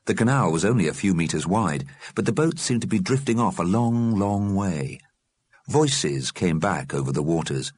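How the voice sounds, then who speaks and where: A man's voice: low voice, animated, normal speed, darkish tone, husky, dry recording. A man narrating an audiobook expressively.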